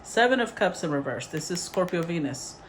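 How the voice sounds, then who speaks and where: A woman giving a casual, rambling tarot reading, chatty and quick to laugh. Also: lowish voice, sing-song, slight background noise. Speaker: tarot reader.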